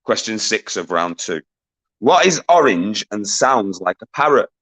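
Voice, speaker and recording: A man's voice: lowish voice, sing-song, measured pace. A man runs a live-stream quiz in loose, casual chat. He swears freely, laughs at the answers and calls out greetings to his viewers. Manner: swears often, jokey, shouts greetings to viewers. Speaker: livestream quiz host.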